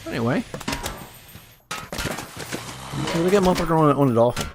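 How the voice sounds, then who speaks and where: A middle-aged man hosting his own gaming channel, rambling through casual gameplay commentary with profane, deadpan sarcasm. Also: on the high side, normal speed, noisy background. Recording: loud music behind the voice.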